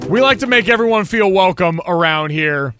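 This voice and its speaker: A young man hosting a sports radio talk show, giving quick, emphatic takes on games. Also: high voice, expressive, over loud music.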